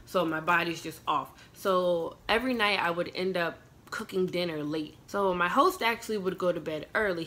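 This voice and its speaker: A young American woman chats through a personal storytime, piling up fillers and acted-out quotes as she goes. Her voice sits a little low for a woman. A faint hiss of room noise hangs under it. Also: a bit bright. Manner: chatty, filler-heavy retelling with quoted dialogue. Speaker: vlogger. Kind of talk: casual storytime.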